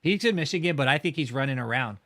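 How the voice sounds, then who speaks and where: Man hosting a live stream, mid-pitched, foul-mouthed and scornful, talking straight to chat. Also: lively intonation, quick pace, a bit bright. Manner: profane, mocking, heated. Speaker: livestream host. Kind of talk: casual livestream commentary.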